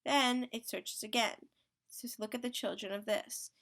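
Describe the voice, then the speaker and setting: A young woman, a student presenter, reading a prepared explanation of a search method in a steady, scripted way. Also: on the high side, moderate pace, creaky. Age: young adult.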